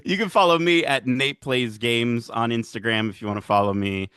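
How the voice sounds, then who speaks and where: A man guesting on a podcast, talking in a rambling, excitable way and laughing often. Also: mid-range voice, normal speed, few pauses, smooth, dry recording, studio quality. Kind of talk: casual podcast chat.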